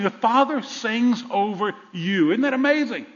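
An older man preaching a sermon to a congregation, lively and conversational, dropping to a soft whisper for tender lines. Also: very high-pitched, normal speed. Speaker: pastor. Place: church sanctuary. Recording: muffled sound with long reverb in a large hall.

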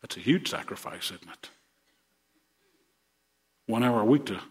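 A man's voice: medium pitch, expressive, measured pace. A male pastor preaching a sermon to his congregation in earnest, repeating words as he builds to rousing emphasis.

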